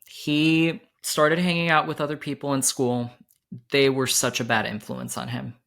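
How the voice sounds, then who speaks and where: A man hosting a podcast, telling a personal story in a candid, halting way with many restarts, his voice jumping higher when he quotes his own panic. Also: flat delivery, vocal fry. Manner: quoted lines rise much higher and louder when he relives panic. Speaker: podcast host.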